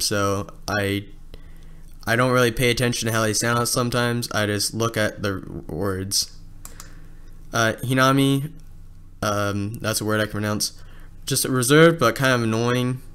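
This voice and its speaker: A man's voice: medium pitch, fairly bright tone, clear, resonant tone. A man giving a casual, rambling casting call for an abridged series, with many fillers and restarts.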